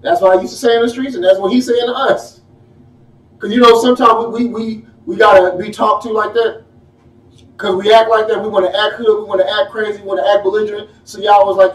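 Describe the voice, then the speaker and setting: High-voiced man preaching in an echoey room. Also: a little fast. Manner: folksy, animated preaching with rhetorical questions. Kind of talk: sermon. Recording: echoey room, mic at a distance.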